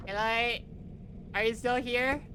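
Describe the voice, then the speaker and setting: Slow, bright-voiced woman streamer. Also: on the high side, steady tone, slight background noise. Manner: giggly, easily amused. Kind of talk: casual gameplay chat.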